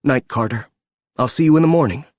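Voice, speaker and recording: A man's voice: mid-range voice, brisk, a little mellow, dry recording, clean studio sound, pitched above the performer's own voice, lightly acted. A man reading an audiobook, voicing a young woman in a lighter, lifted, friendly way. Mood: cheerful. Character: young woman, bright and self-aware.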